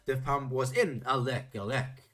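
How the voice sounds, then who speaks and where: A woman's voice: a bass voice, normal speed, fairly bright tone, soft background music. A woman streamer reading old children's rhymes aloud in a playful, theatrical way, adding joking comments between them. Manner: playful, theatrical, jokey asides.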